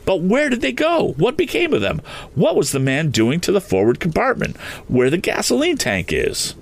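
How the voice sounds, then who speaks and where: A man's voice: medium pitch, huge pitch swings, normal speed, voice pushed up. A man voicing an earnest, eager young male inventor in a storybook reading, urgent and determined.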